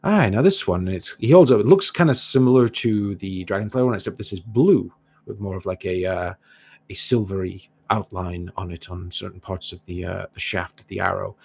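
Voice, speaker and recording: A man acting as game master, narrating a tabletop game in a relaxed, descriptive way. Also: low-pitched, normal speed, vocal fry, breathy edge. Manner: relaxed, descriptive, laughs easily.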